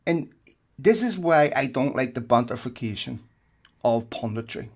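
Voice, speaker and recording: A man's voice: mid-range voice, expressive, moderate pace. A man co-hosting a podcast, ranting in heated casual chat and swearing often. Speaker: podcast co-host.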